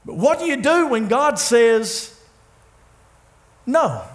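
A man preaching a sermon in a church, with dramatic pauses, swinging from loud, pleading lines to hushed ones. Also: very high voice, big pitch swings. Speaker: pastor. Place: church sanctuary.

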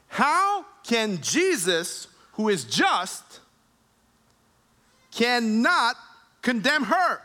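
Preacher guy, really high bright voice, slow and emphatic. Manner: emphatic, slow preaching with dramatic retold scenes. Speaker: pastor. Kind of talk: sermon.

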